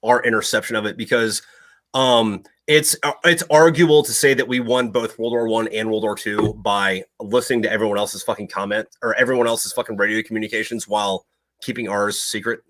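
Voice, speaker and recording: A man's voice: on the low side, fairly quick. A man hosting a casual podcast, telling military history stories in a rambling, profane way with lots of fillers. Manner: profane, rambling, animated storytelling with many fillers. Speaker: podcast host.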